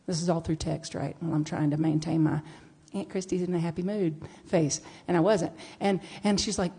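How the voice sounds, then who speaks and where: A woman minister giving a storytelling sermon, acting out dialogue with big jumps in pitch and loudness. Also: brisk, breathy edge. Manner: animated, acts out dialogue with big swings in pitch and volume. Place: church sanctuary.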